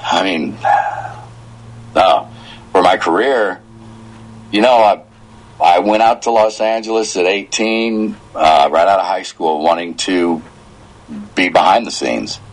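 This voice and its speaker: A very deep-voiced man in his fifties talks about his career as a voice actor in a relaxed interview. He tells his stories with feeling and acts out little quoted asides. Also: takes it slowly, pauses often, rough recording. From United States. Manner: emotional, animated storytelling with quoted asides. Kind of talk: casual interview talk.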